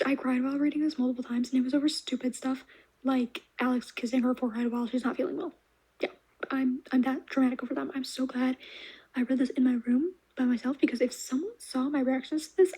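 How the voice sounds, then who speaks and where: Fast-talking, high-voiced young woman reviewer. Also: breathy edge, rough recording. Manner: gushing and animated, drops into soft asides. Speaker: book reviewer. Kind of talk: casual reading wrap-up vlog.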